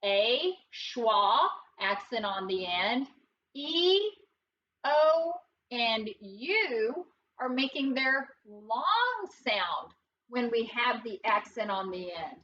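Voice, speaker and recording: A woman teacher with a fairly high, bright voice leads a phonics lesson at an unhurried, careful pace. She sounds out letters and encourages the class. She is recorded from across the classroom, so the audio is distant and dull, with faint noise behind her. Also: lively intonation.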